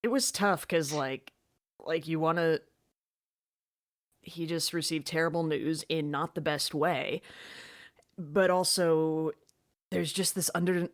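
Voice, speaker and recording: A young woman co-hosting a podcast, chatting casually and reflectively about an episode, with lots of "like" and quick quoted asides. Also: sits low, steady tone. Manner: reflective, many likes, bursts of quoting. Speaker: podcast co-host. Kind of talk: casual recap chat.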